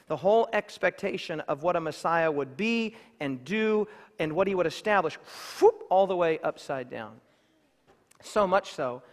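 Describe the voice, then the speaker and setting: High-voiced emphatic male preacher. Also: long reverb tail. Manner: emphatic, building to loud declarations. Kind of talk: sermon. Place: church sanctuary.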